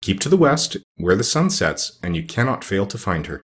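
A man's voice: deep voice, very animated, moderate pace, slightly rough, exaggerated voice. A man voicing a polite, solemn male gatekeeper giving a warning in a storybook reading. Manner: solemn, cautioning. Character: polite male gate guardian, grave warning.

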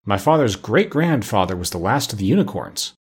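A timid, courteous two-headed creature speaks softly and politely, as a man puts it on. The voice is husky and lively in pitch, with a gentle, shy delivery. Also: a little fast.

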